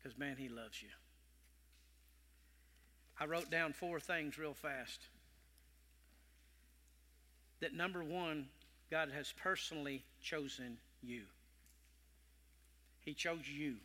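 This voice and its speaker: A male preacher delivering an animated sermon, dropping to whispers and rising to loud calls. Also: a little high, slow pace, pauses often. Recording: long hall reverb.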